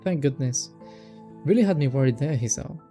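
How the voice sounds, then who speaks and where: A man's voice: mid-range voice, animated, moderate pace, dark tone, soft background music, natural voice. A young man voicing an upbeat, teasing teenage girl in a visual novel, lifting his voice a little for her lines.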